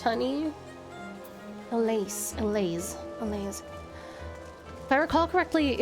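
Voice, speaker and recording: Bubbly woman streaming a game. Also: fairly high pitch. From Tasmania, Australia. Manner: bubbly, affectionate, swears casually. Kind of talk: live game stream chat. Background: game music.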